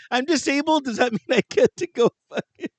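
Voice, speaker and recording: A man co-hosting a podcast in casual chat, often laughing and acting out lively quotes as he tells stories. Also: very high voice, normal speed, no room sound. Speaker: podcast co-host.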